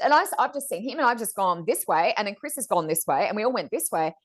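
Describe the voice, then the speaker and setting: A middle-aged woman co-hosting a podcast, telling stories in a chatty, animated way and acting out other people's lines. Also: high voice, quick pace. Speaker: podcast co-host. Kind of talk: casual storytelling chat.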